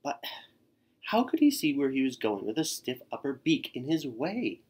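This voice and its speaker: A man reading a children's picture book aloud in an expressive way, with gasps and sighs. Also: mid-range voice, normal speed, breathy edge. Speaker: storyteller.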